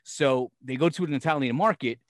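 Fast-talking, profane New man. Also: medium pitch, no echo. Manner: profane, animated storyteller, acts out quotes. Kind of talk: casual chat.

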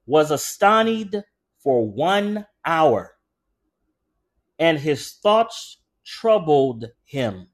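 A man preaching a sermon who talks casually with the congregation and slows way down to read scripture aloud. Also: on the high side. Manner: conversational, animated preaching with frequent asides to the congregation.

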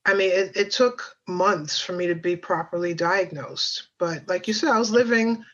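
A woman's voice: fairly low pitch, normal speed, fairly bright tone. Chatty woman telling her story, lo-fi sound. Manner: chatty, lots of fillers and asides. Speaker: podcast guest. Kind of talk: personal storytelling.

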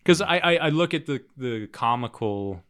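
A man's voice: mid-range voice, lively intonation, moderate pace, fairly bright tone, smooth, no room sound, clean studio sound. A young man co-hosting a podcast, telling a story with frequent laughter and profanity in casual chat. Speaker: podcast co-host.

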